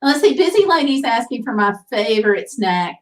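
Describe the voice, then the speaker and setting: Chatty woman host, higher voice. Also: big pitch swings, fairly quick. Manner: chatty, easygoing, reads comments aloud. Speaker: livestream host. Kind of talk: casual livestream chat reading viewer comments. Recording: voice picked up from a distance.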